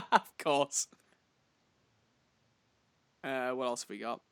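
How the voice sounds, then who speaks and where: A man's voice: mid-range voice, big pitch swings, drawn-out words, fairly bright tone, clear, resonant tone. A man with a light Liverpool accent hosting a casual livestream chat, giggly and laughing often. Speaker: host.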